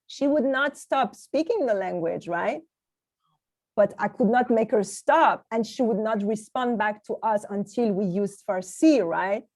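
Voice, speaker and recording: A woman's voice: medium pitch, unhurried, darkish tone. A woman from the Middle East, a guest language educator, speaking earnestly and reflectively about personal memories, often adding "you know" and "right".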